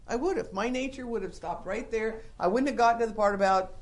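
A woman preaching a sermon in an animated storytelling manner, acting out the scenes she describes. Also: fairly high pitch, brisk, few pauses.

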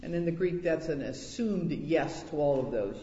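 A woman's voice: sits low, animated, moderate pace, few pauses, mellow, lo-fi sound. Earnest woman teaching in an echoey hall. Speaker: women's Bible study teacher. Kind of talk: Bible teaching talk to women.

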